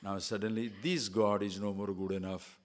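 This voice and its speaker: A man's voice: lowish voice, steady tone, normal speed. A male spiritual teacher giving a lecture on scripture. He talks earnestly, builds points in lists and keeps telling listeners to listen carefully.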